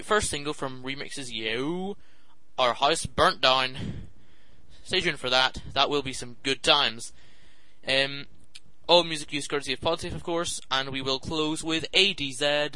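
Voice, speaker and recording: A man's voice: on the high side, sharp tone, no echo, poor audio. A young man, hosting a podcast and telling comic stories in an exasperated, sardonic rant. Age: late teens. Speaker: podcast host. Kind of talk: comic storytelling monologue.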